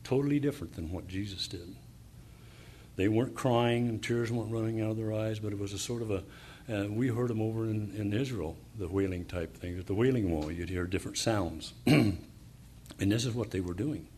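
A man preaching a sermon, reading verses and explaining them, pausing often with fillers and restarts, then building up to fervent emphasis. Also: lowish voice, warm tone, slight background noise.

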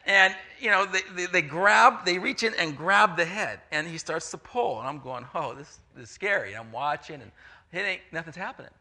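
A middle-aged man preaching a sermon, telling a story with lively acted-out voices. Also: sits high, moderate pace. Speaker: pastor.

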